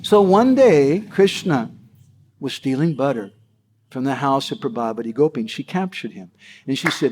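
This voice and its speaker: A man's voice: mid-range voice, expressive, normal speed, darkish tone. A man giving a devotional talk, telling stories animatedly and checking in with his listeners. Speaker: devotional storyteller.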